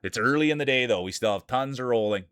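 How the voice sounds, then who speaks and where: A Saskatchewan man with a Canadian accent hosts a live stream, calling marble races for his chat with energetic, hyped announcer-style banter. His mid-range voice moves quickly with a clean tone, and the recording is dry with clean studio sound.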